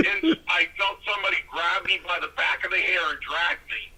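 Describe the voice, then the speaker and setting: A man tells a long story in a lively, animated way and switches voices for the people he quotes. His voice is very bright and a bit husky, and it is pitched slightly high. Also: normal speed, few pauses, low-quality recording. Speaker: guest, former pro wrestler. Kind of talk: casual storytelling.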